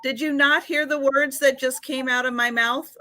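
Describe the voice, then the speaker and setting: A woman's voice: high-pitched, steady tone, normal speed, sharp tone, no echo. Washington state woman on a video call, laughy and full of ums, dry close sound. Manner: laughing, mock-indignant, hesitant with many fillers. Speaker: guest on a live chat. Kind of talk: casual live-stream chat.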